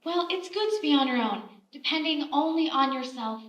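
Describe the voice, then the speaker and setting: A woman's voice: high voice, animated, moderate pace, a bit bright, distant mic. An actress playing a motherly, scolding frontier woman who bakes biscuits, acted live on a theater stage. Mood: chatty scolding. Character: kindly, bossy frontier woman baker. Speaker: stage actor. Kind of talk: live stage play acting. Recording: roomy theater stage, heard from afar.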